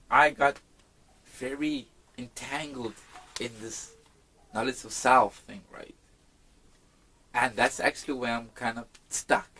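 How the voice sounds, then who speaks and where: A man from South Africa, a hip-hop artist, talking in a casual interview with a reflective, halting manner full of restarts. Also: mid-range voice, bright, forceful tone, low-quality recording.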